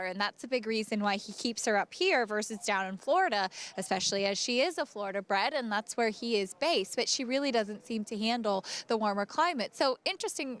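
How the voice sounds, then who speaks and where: A woman breaks down each runner in the paddock for a horse racing broadcast. Her voice sits fairly high, and she talks in an easy, conversational way with the odd filler. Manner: conversational, lively, with some fillers. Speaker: paddock analyst.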